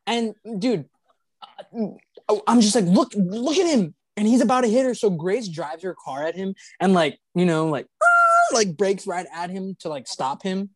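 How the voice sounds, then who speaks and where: High-pitched and a little mellow, a young man hosting a podcast rambles through a story with a laugh, leaning on many fillers and restarts. The recording is dry.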